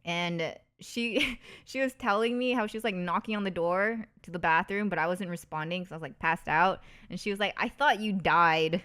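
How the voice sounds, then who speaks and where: A young woman streamer telling a story in a casual, bubbly way, full of fillers and restarts. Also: smooth. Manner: animated, putting on high eager voices when quoting people.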